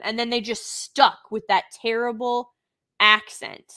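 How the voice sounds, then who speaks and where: A woman livestreamer delivers an indignant, emphatic review, sighing and restarting as she builds her case. Her voice sits a little high, with a bright, forceful edge. She takes her time, leaning on each word. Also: steady tone, measured pace, smooth. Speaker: live-stream reviewer. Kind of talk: unscripted live review commentary.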